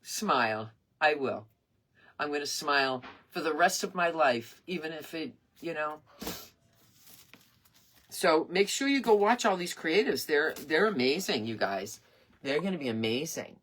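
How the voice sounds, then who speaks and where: A woman's voice: low voice, expressive, a little slow, a bit bright, husky. A woman in her sixties hosting her craft page live, chatting in a rambling, earnest and emotional way. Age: 60s. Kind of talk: casual live-stream chat.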